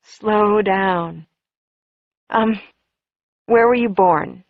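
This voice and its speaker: A woman voicing a mysterious, gentle teenage boy in an audiobook, speaking softly and low-key. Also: extremely slow, no echo, phone-quality sound.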